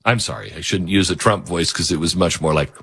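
A man's voice: deep voice, brisk, creaky, pushed and bright, breathy edge. A man hosting a talk show, giving casual, mocking commentary that he breaks with laughs at his own jokes. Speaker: show host.

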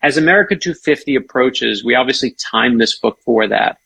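A man's voice: mid-range voice, expressive, vocal fry, pushed and bright, husky. A man, an author guest, telling history stories with eager asides in a casual chat. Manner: enthusiastic storyteller, quick asides.

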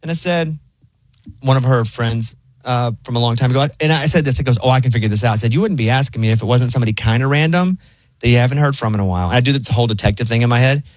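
Animated man telling a story. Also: mid-range voice, racing, no echo. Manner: animated storyteller who acts out quotes. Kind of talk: casual chat, storytelling.

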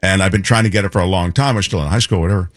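A middle-aged man co-hosting a radio show, telling a story in a lively way and acting out the voices of the people in it. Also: sits low, racing, no echo, clean studio sound. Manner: animated storyteller, acts out voices. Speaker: radio co-host. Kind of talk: casual chat, anecdote telling.

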